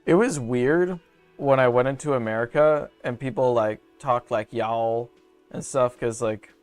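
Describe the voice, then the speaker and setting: A man's voice: medium pitch, measured pace, clear, resonant tone, soft background music. A young man from Canada, rambling profanely through casual gaming commentary. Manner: rambling, profane, jokey asides. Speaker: streamer.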